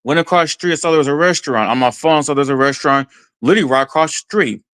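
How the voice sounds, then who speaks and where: A man from Texas tells a story as a podcast guest in an excited first-person way, voicing his own reactions as he goes. His voice sits a little high, and the sound is close and dry with no room echo. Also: fast talker. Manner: excited, retells events with quoted self-talk.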